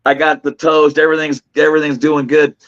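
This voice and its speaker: A man's voice: on the high side, level tone, a little fast, fairly bright tone. A middle-aged man co-hosting a casual chat, telling a story with many restarts, fillers and laughs. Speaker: co-host. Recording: dull lo-fi remote audio.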